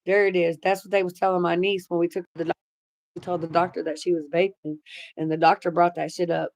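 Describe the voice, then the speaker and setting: A woman's voice: on the low side, level tone, fast talker, darkish tone, no room sound. Middle-aged woman chatting on her live stream, cusses a lot, super casual, dry close sound. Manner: blunt, swears freely, chatty. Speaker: livestream host reading chat. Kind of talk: casual livestream chat.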